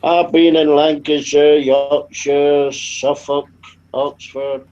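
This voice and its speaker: Banter guest: a man with a mellow voice, teasing and swearing, heard through dull lo-fi audio. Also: fairly high pitch, little pitch movement, slow, clear, resonant tone. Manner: teasing, swears freely, says "lad". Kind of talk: casual livestream banter.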